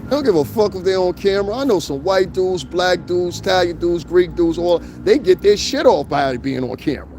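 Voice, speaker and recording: A middle-aged man talks to his livestream viewers from a cold city street. He rambles through profane stories and reads out their comments. His voice sits a little high for a man, and faint traffic hums behind him. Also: animated, fairly quick, hardly any pauses, a little mellow. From New York. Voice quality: loose, profane, rambling storyteller. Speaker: livestream host. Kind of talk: casual livestream chat reading comments.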